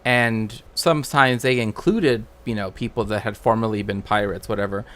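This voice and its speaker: A man's voice: fairly low pitch, steady tone, normal speed, fairly bright tone. A man hosting a casual stream, rambling through trivia with many fillers and restarts. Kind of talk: casual chat.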